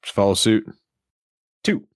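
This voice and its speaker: A man's voice: a little slow, dry recording, clean studio sound. A man in casual tabletop game chat, laid-back and easygoing.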